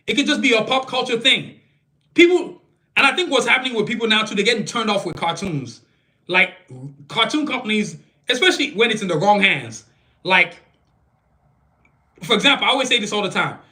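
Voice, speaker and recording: A man hosting a solo podcast, talking casually with slang and heated, opinionated asides. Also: sits high. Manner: animated, slangy, opinionated rants. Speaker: podcast host. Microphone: phone camera.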